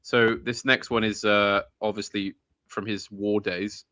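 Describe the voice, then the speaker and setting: Bright-voiced man, eager and halting. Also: on the low side, level tone, no echo, dull audio. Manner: enthusiastic, halting, often laughing. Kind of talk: casual chat.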